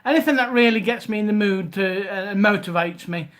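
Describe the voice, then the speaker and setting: A man's voice: high voice, brisk, a bit bright. A man with a Scouse accent from Liverpool, hosting a casual live stream and chatting to viewers by name. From Liverpool, England. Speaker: reseller livestream host.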